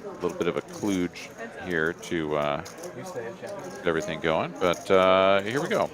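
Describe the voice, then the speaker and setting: A man calls a live poker game in an unhurried, drawling style, filling pauses with easy fillers. His voice sits low. A steady murmur of chatter runs behind him. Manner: laid-back, drawling, frequent "uh" fillers. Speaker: poker stream commentator.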